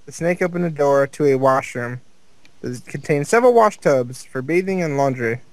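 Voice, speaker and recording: A man's voice: mid-range voice, animated, moderate pace, no room sound. A young man acting as game master over voice chat, casually describing rooms and calling turns, swearing now and then. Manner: casual, swearing, narrating room contents.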